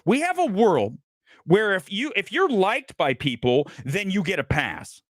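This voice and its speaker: A man's voice: sits high, big pitch swings, unhurried, no room sound, clean studio sound. A man hosting a live movie talk show, ranting angrily and sarcastically with lots of swearing. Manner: angry, profane, sarcastic ranting; mocking put-on accent in quotes. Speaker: host. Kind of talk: heated movie rant, live stream.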